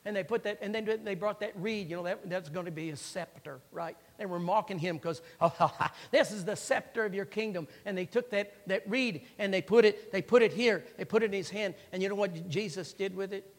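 A man preaching a sermon and reading scripture, swinging between loud emphasis and hushed, quiet phrases and repeating lines for emphasis. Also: high voice, a little fast, few pauses. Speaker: pastor. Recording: long reverb of a large hall.

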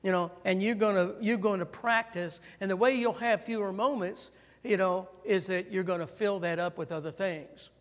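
A man's voice: high-pitched, normal speed. Guy preaching, chatty sermon, keeps asking "right?", big reverby church sound. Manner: conversational preaching with constant "right?" tags; animated, calls for congregation response. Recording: long hall reverb.

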